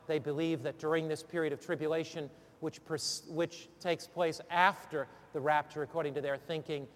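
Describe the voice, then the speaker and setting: A man with a high voice walks fellow preachers through a sermon, then breaks into preaching. He rouses the listeners with call-and-response questions. His voice rings on in a big hall with a long reverb. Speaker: preacher training other preachers. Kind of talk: sermon-preparation instruction turning into preaching.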